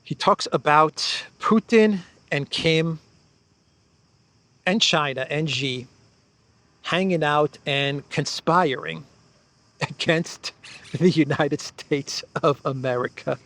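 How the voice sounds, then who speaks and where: Guy hosting a politics commentary show, kinda high voice, talks off the cuff, laughs in disbelief, keeps restarting his sentences. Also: takes it slowly, pauses often. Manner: animated, laughs incredulously, repeats words and restarts often. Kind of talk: unscripted political commentary monologue.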